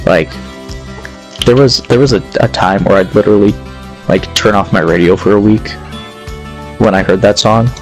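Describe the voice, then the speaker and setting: A young man in casual chat, opinionated and full of fillers, with a slightly low voice. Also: normal speed, long pauses, soft background music, rough recording.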